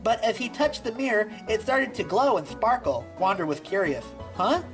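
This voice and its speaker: A woman reads a fan-written story aloud at a steady narrating pace. Her voice sits at a middling pitch, with faint music playing underneath. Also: moderate pace, low-quality recording. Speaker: fanfiction reader. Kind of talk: reading a fanfic aloud.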